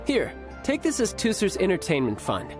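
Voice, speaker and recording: A breezy, self-assured young man, smooth and teasing with a lively lilt to his lines. Faint game music sits underneath. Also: high-pitched, normal speed. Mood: friendly. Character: confident young man, breezy older brother type.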